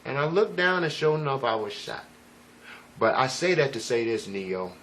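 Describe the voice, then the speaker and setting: A man's voice: medium pitch, very animated, normal speed, a bit bright, a little hiss or hum. Rambling, profane man telling a story. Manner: rambling, profane, emphatic, frequent "you know what I'm saying". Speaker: vlogger. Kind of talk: casual first-person storytelling.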